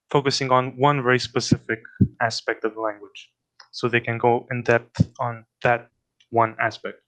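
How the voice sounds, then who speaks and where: Smooth-voiced man explaining linguistics. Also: mid-range voice, fairly bright tone. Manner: explains step by step with examples, many restarts. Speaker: fieldwork workshop presenter. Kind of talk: informal spoken lecture.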